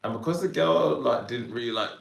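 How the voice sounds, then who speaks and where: A man in his thirties, a podcast guest, telling a story in an animated, slangy way with lots of fillers. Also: mid-range voice, fairly quick, creaky, echoey room, low-quality recording. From Sudan, raised in Ireland. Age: 30s. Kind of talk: casual storytelling interview.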